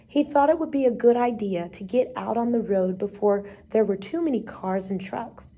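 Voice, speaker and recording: A woman's voice: on the high side, moderate pace, dark tone, slightly rough. Woman reading a storybook aloud. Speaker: reader.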